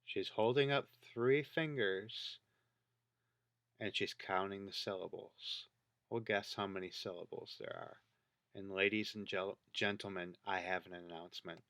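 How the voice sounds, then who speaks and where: A man with a very low voice but a bright, forceful edge talks casually over video clips. He thinks aloud, counts things out and points at details as he goes, close and dry. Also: fairly even intonation, a little slow, no room sound. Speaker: video creator.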